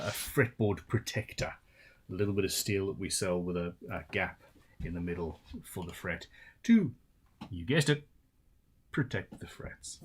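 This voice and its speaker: A man's voice: mid-range voice, slightly rough. A tired man, hosting a casual live-stream Q&A as a luthier, chatty and rambling with self-deprecating asides.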